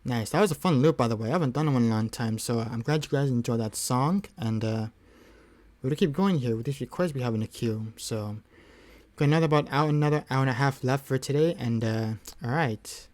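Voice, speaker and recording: A man's voice: mid-range voice, a little fast, darkish tone. A man hosting a music livestream, chatting casually between songs in a rambling, laid-back way and chuckling often.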